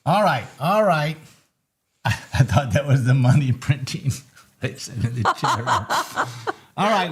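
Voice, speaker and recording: Excitable man hosting a trading stream. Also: fairly high pitch, slow, vocal fry, slightly rough. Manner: excitable and joking, bursts of laughter. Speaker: host of a live market recap. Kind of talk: casual live-stream chat over trading charts. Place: home trading desk.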